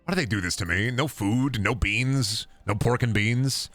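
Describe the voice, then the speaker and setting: A man streaming a video game, chatting casually and profanely with his viewers in an animated way. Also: mid-range voice, moderate pace, no room sound, faint music behind. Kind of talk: casual gaming stream commentary.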